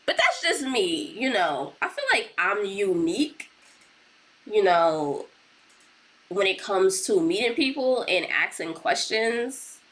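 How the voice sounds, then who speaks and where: Slow, bright-voiced woman reaction host. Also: medium pitch, very animated. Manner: laughs often, chatty asides. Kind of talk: casual reaction chat.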